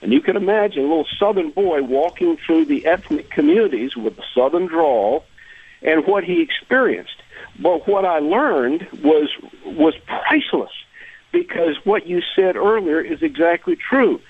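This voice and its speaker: A man's voice: fairly high pitch, big pitch swings, normal speed, breathy edge, no echo. A man from the American South calling in to a radio talk show, ranting emphatically and repeating words as he starts his sentences. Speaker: caller. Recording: tinny phone line.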